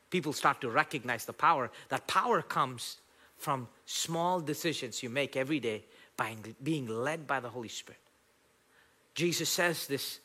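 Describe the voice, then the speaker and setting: A man preaching a sermon, animated, laughing at his own stories, rising loud when quoting scripture and dropping soft for asides. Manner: rises loud and high when quoting scripture, drops soft for inner dialogue. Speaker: pastor.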